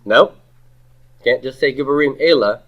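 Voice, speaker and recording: A man's voice: mid-range voice, normal speed. A man teaching a grammar class, asking students questions, repeating their answers and leading them in saying words aloud. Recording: slightly dull lo-fi classroom recording.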